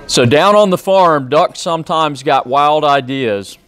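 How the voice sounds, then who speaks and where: A police officer reading a children's picture book aloud, with friendly, plain-spoken asides to young listeners. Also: male voice, a little high, a little slow, fairly bright tone. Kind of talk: children's storybook read-aloud.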